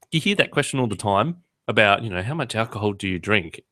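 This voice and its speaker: Joking low-voiced male podcast host. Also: expressive, normal speed, pushed and bright, no room sound. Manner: joking, chatty, with many fillers. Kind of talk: casual chat.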